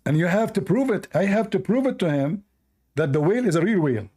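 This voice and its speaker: A man's voice: sits high, expressive, fast, warm tone, husky. A man hosting a live call-in debate, mocking and scornful toward the caller. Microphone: online call.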